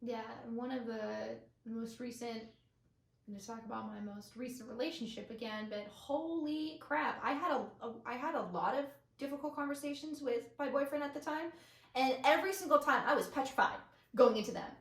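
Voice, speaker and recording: A young woman chats on a podcast, expressive and animated as she tells her stories. Her voice sits a little high. The recording has a roomy echo. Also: a little fast. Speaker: podcast co-host, daughter. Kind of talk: casual chat.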